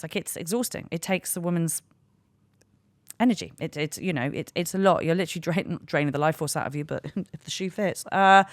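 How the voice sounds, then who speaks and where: Low-voiced woman, frank comic storyteller. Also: dry recording, studio quality. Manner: frank, self-mocking, rambling with restarts. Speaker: podcast host and stand-up comedian. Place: podcast studio.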